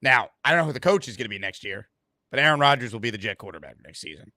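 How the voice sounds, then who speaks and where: A man's voice: medium pitch, expressive, rapid-fire, pushed and bright, dry recording. A man hosting a sports talk show, upbeat and emphatic as he takes calls.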